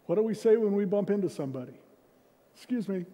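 Racing along with an animated delivery, a man with a high, dark-toned voice preaches as senior pastor. His sermon is conversational and self-mocking, captured in a reverberant church sanctuary.

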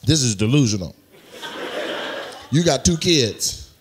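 A man's voice: mid-range voice, expressive, unhurried. A man doing live stand-up crowd work in a comedy club, teasing audience members with brash, profane banter. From United States. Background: audience laughter.

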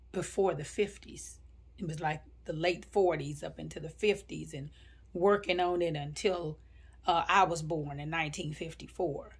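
A woman in her sixties speaks in an unhurried, husky voice. She sits lowish in her range and leans on "you know" and "I think" as she tells her story to an interviewer. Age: 60s. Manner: unhurried, with frequent fillers and hedges.

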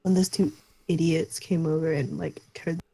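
A laid-back teenage demon boy from a comedy dating game, voiced by a woman. He talks in a lazy, mumbling drawl, pitched low and husky. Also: steady tone, normal speed, warm tone, full character voice.

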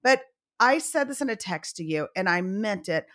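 A middle-aged woman co-hosting a casual podcast chat. She talks in a chatty, playful way with quick comic asides. Her voice sits at an ordinary middle pitch. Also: animated, a bit bright. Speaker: podcast co-host.

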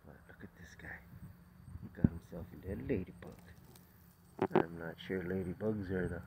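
A man chatting casually outdoors as he films spiders, talking to them in a gentle, doting way. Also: low voice, steady tone, normal speed, very noisy. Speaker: nature vlogger showing spiders. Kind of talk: casual outdoor nature chat. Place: outdoors in nature.

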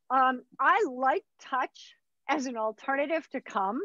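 A woman's voice: high voice, measured pace, pushed and bright, no room sound, highs cut off. Chatty woman teaching a puppy class. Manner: chatty, upbeat instructor who acts out dog voices. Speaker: dog trainer.

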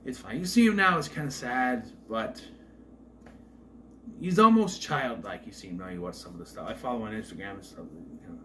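Animated, rambling male movie reviewer. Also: on the low side, normal speed, background noise. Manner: rambling, hesitant, wry, many asides. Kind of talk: casual rambling movie commentary.

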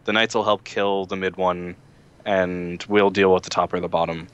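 A man co-hosting a casual gaming podcast, explaining strategy in a relaxed, measured way. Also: low-pitched, clean tone, lo-fi sound. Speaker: podcast co-host.

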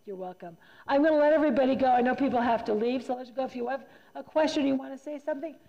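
A woman's voice: high voice, fast talker, warm tone, lo-fi sound. A woman giving a retreat talk to a church group, emphatic and conversational, often repeating herself for emphasis. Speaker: retreat speaker. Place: church hall. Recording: long reverb in a hall.

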